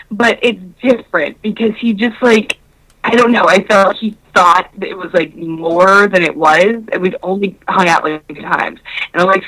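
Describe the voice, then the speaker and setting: A woman in casual podcast chat, loud and profane, retelling a date with many fillers and acting out both sides of the conversation. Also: mid-range voice, normal speed, rough recording. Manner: animated storytelling that acts out both sides of a conversation.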